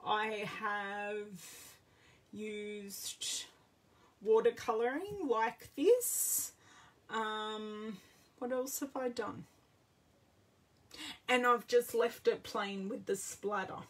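Greeting live viewers while making cards, the Australian demonstrator keeps up casual chatter as she works. She talks extremely slowly with long pauses, in a medium-pitched voice that sounds far from the mic.

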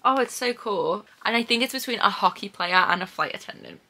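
Bright-voiced excitable young woman. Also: medium pitch, a little fast. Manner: excitable, gushing, lots of "like" and "oh my god". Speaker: book vlogger. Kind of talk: casual vlog chat.

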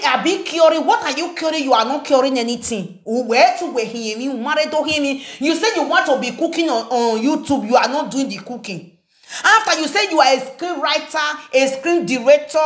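A woman with a Nigerian Pidgin English accent, ranting and mocking someone in a confrontational commentary video. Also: sits high. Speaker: social media commentator. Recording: echoey room.

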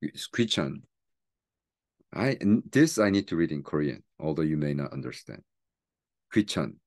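Deep-voiced man reading poems aloud. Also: sing-song. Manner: chatty and conversational, reading poems aloud slowly and softly. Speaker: seminary teacher and pastor. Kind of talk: book talk with poetry reading.

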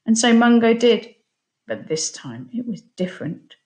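A woman teacher reading a children's picture book aloud in an expressive storytelling voice. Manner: expressive, slow storytelling with lively pitch. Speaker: primary school teacher.

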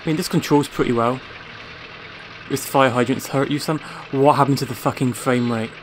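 A man's voice: mid-range voice, fairly even intonation, moderate pace, a little hiss or hum. A man giving casual gameplay commentary, sarcastic, swearing freely and talking back to the game. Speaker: let's play gamer.

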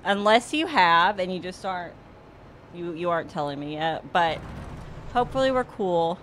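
A woman's voice: fairly low pitch, expressive, normal speed, fairly bright tone, slight background noise. A young woman from Mississippi streaming sim racing and chatting casually with viewers, laughing often and swearing now and then. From Mississippi, US South. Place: home sim racing setup. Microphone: desktop USB microphone.

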